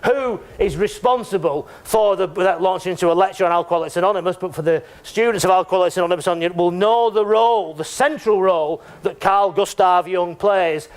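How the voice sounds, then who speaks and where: A man's voice: sits high, fairly quick, few pauses. A man giving a conference talk in a chatty, joking way, often checking in with the audience. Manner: chatty and joking, with frequent tag questions. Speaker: conference speaker. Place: lecture room.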